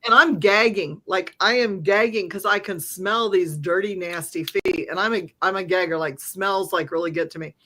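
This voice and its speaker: A woman medium on a podcast, telling stories with a bright, forward tone. She swears freely and laughs often. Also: on the low side, normal speed, hardly any pauses. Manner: blunt and profane, laughs often. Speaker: psychic medium, podcast guest. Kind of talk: casual storytelling.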